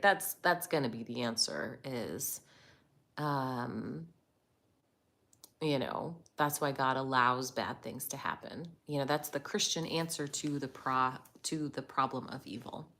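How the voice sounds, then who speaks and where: Woman, livestream host, casual chat with viewers, low voice, lively rising and falling pitch, laughs often. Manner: chatty, laughs often, greets chat by name.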